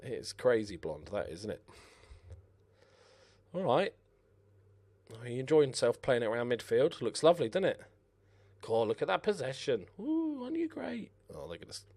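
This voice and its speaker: An excitable young man talks his way through a football management game, swearing and shouting at his players. His voice swings widely in pitch, leaping up with every near miss. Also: normal speed, long pauses. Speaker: gaming commentator. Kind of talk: casual let's-play commentary.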